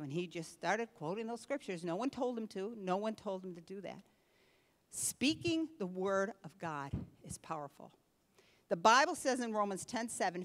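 Older woman, pastor, animated sermon, hushed to forceful, echoing church hall. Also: mid-range voice, normal speed. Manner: animated preaching, swinging between hushed and forceful. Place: church sanctuary.

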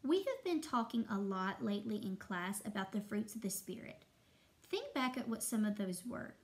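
Slow, expressive woman teacher reading aloud. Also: fairly high pitch. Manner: expressive, with long pauses. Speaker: first-grade teacher. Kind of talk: reading a story aloud to children.

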